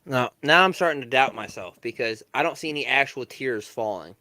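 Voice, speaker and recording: A man's voice: mid-range voice, expressive, fairly quick, bright, forceful tone, no echo. A man giving reaction commentary in a blunt, casual way, stumbling over restarts. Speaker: commentary host.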